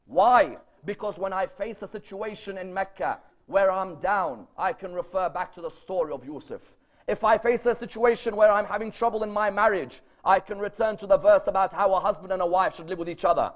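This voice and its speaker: A man's voice: sits high, a little fast. A man preaching to a live audience, emphatic and storytelling, firing rhetorical questions. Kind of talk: religious lecture to a live audience. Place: lecture gathering.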